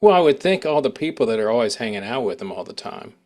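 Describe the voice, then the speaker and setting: A man's voice: medium pitch, big pitch swings, quick pace, darkish tone. A man hosting a casual interview who rambles and breaks off mid-sentence, restarting his thoughts. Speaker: interview host.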